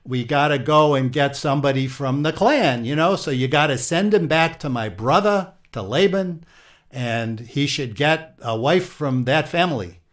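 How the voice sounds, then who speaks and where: Slightly high and a bit bright, this man's voice stays close to everyday speech at a moderate pace. He's the interviewee in a comedic improvised interview, playing aggrieved old Isaac with Yiddish-inflected English and old-world exclamations.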